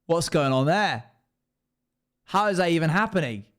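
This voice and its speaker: A young man live-streaming, chatting casually as he builds and thinking out loud while he answers chat. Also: on the high side, animated, normal speed.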